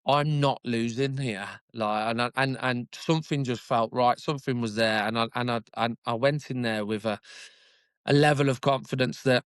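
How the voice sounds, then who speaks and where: A man's voice: mid-range voice, steady tone, moderate pace, a bit bright, clear, resonant tone, no echo. Chatty British man in his forties. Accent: British English. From United Kingdom. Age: 40s. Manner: chatty, self-deprecating, laughs often. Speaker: podcast guest. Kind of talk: casual interview storytelling.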